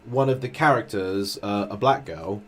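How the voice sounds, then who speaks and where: A man's voice: lowish voice, normal speed, a bit bright. A man hosting a stream, chatting casually and telling anecdotes in a wry way. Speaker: streamer host. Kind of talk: casual chat.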